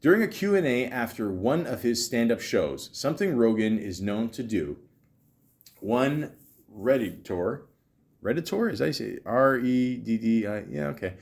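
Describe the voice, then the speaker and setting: A man's voice: medium pitch, expressive, normal speed, creaky, a little mellow. A young man from Canada hosting a podcast, reading out a list and breaking off into rambling, self-mocking asides with plenty of swearing. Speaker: podcast host. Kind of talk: casual commentary reading a list aloud.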